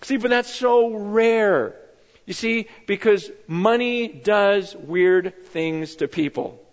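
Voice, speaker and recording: A man preaching a sermon, animated and acting out the people in the story as he speaks. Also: high-pitched, takes it slowly. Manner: animated, acts out bible figures in his telling. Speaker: pastor. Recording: muffled echoey hall.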